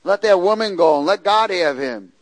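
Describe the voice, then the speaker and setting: Male preacher, somewhat high voice, emphatic call-and-response sermon delivery, dry close recording. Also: lively intonation, moderate pace, no room sound, poor audio. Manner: emphatic, swings from low asides to loud shouted peaks, mimics congregants; frequent rhetorical "Hello?" and call-and-response questions.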